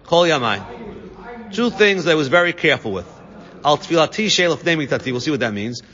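A man's voice: a little high, lively intonation, normal speed, a bit bright. A man teaching a Talmud class to students, translating each Aramaic phrase into English. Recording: dull lo-fi recording, long reverb.

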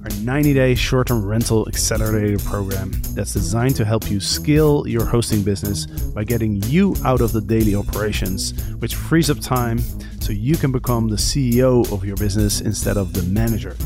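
A man hosting a podcast, reading a scripted intro and then chatting in an upbeat, energetic way with guests. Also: lowish voice, moderate pace, music in the background. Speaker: podcast host. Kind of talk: casual interview, scripted intro.

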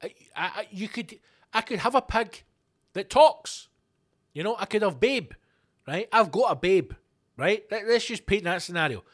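A middle-aged Scottish man ranting on his own show, his voice sitting a bit higher than most men's. He swears freely and drifts from tangent to tangent. He tells his stories with lively, animated energy. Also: normal speed. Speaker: podcast host. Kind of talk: casual solo rant.

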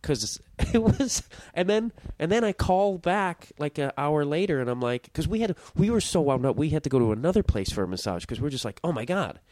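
A man's voice: on the high side, very animated, fairly quick, hardly any pauses, a little mellow, no echo. A young man hosting his own podcast, telling a story in a rambling, self-interrupting way and swearing casually. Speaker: podcast host.

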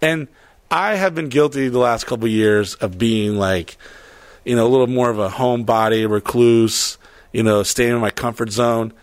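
A man's voice: medium pitch, normal speed, no echo. Profane, rambling man telling a story. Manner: profane, rambling, animated retelling with quoted voices. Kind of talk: casual storytelling chat.

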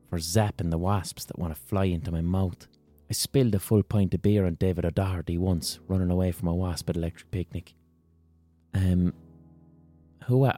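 An Irish man in his thirties hosting a podcast, talking in a sweary, rambling, animated monologue. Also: low voice. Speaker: podcast host. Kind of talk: casual monologue.

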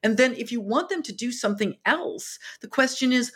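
A woman author, a podcast guest, explaining storytelling with lively retellings of film scenes. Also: fairly high pitch, moderate pace, husky. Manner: animated, acts out dialogue in quotes.

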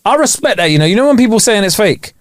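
A man's voice: sits high, big pitch swings, fast talker, dry recording. Man, comedian co-host, laid-back swearing storyteller, dry close sound. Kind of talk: casual chat.

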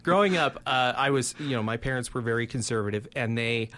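A man from Colorado co-hosting a podcast, telling self-deprecating stories in a casual, animated way. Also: medium pitch, a little fast, slight background noise. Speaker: podcast co-host.

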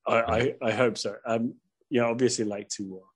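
A man's voice: mid-range voice, steady tone, a little fast, slightly rough. A man with a Cockney accent, a guest on a casual podcast, sweary and self-mocking as he jokes.

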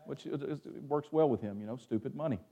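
A man preaching a sermon as pastor, asking the congregation for amens and dropping from raised, urgent lines to hushed ones. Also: mid-range voice, fast, highs cut off. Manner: Southern-tinged preaching with call-and-response "amen?", swings from hushed to raised.

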